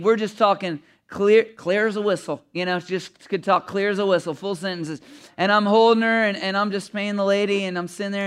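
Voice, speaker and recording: High-voiced pastor telling a funny story. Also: male voice, a bit bright, smooth. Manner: conversational and humorous, asks the audience questions, often chuckles. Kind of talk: sermon with personal storytelling.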